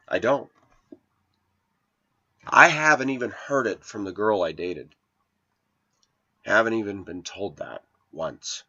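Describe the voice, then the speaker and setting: A man in his forties with a fairly low voice delivers a meandering personal monologue to his viewers. He tells his stories in an earnest, aggrieved tone. The sound is dull and lo-fi. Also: expressive, slow pace, pauses often, bright, forceful tone. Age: 40s. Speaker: vlogger. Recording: dull lo-fi recording.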